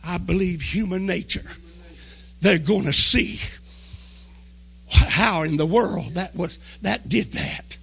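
Man, preacher, gravelly, husky, fervent shouting sermon, drawn-out emphasis. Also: high voice, animated. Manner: fervent, shouting and crying out phrases; drawls key words slowly for emphasis. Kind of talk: impassioned sermon.

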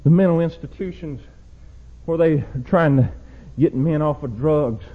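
A young man preaching a sermon, swinging from low, quiet warnings to loud shouted exhortation. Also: a little slow. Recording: dull lo-fi church recording.

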